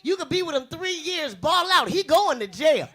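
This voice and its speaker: A young woman from the US West Coast works a comedy club stage with a big, bright voice. Her pitch leaps around as she fires off brash, bawdy punchlines. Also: expressive, moderate pace. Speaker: stand-up comedian. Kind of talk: stand-up comedy routine.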